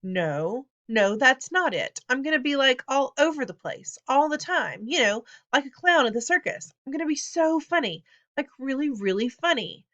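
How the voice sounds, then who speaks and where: A woman voicing an excitable show-off boy who wants to clown around. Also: sits high, dull audio, pitched above the performer's own voice. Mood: excited. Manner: excited, rushing.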